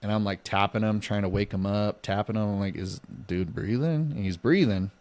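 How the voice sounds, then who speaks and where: A man's voice: on the low side, a little fast, dry recording. A man co-hosting a podcast, casually telling a story and acting out the dialogue. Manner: animated, acts out both sides of dialogue. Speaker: podcast co-host.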